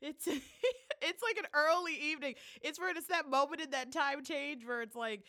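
A woman's voice: high-pitched, normal speed, bright, forceful tone. A woman from Michigan hosting a casual podcast, bubbly and playful, laughing often. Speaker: podcast host. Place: Chicago.

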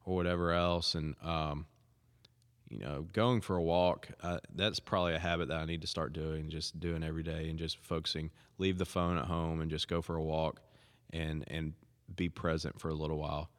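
A man co-hosting a podcast, speaking reflectively in a halting way. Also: a bass voice, level tone, big-room sound. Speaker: podcast co-host. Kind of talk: casual chat.

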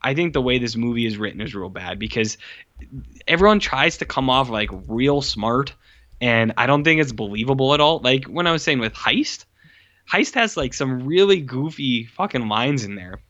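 A man talks through his opinions in a loose, rambling podcast chat, leaning hard on "like" and dropping curse words without a second thought. His voice is bright and a little tense. The recording sounds dull and lo-fi. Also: medium pitch, lively intonation, normal speed. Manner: rambling, says "like" constantly, blunt and swears. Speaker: podcast co-host reviewing a movie. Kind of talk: casual chat.

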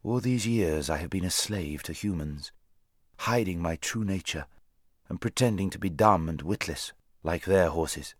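Male reader doing a haughty talking war horse, low voice, lively and commanding, dry close sound. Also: no room sound. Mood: rueful. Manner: brisk, commanding, contemptuous.

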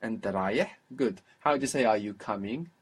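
A man leads a one-on-one language lesson at a steady, patient pace. He prompts the learner and praises each answer. His voice sits at an ordinary middle pitch. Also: a little fast, slightly rough. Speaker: language teacher. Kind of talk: guided spoken language lesson.

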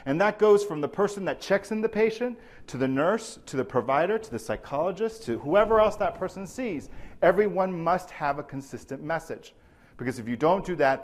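A man giving a live lecture to healthcare providers, animated and often checking in with the audience by asking "right?". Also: on the high side. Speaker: presenter at a clinical training.

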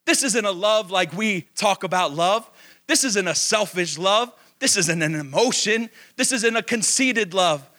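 Male pastor, high and bright, emphatic sermon delivery with call-and-answer questions. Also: expressive, unhurried. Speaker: preacher.

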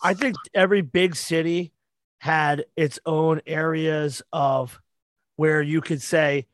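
A man with a slightly high voice hosts a podcast, recorded dry and close. He asks loose, rambling questions packed with fillers. He swears now and then. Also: steady tone, slow pace, no echo. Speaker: host. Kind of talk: casual podcast interview.

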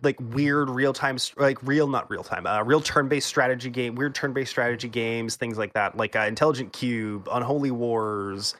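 A man's voice: mid-range voice, normal speed, hardly any pauses, fairly bright tone. Rambling man from the American South. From Southern United States. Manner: rambling, full of fillers and tangents. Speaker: podcast co-host. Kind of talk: casual gaming chat.

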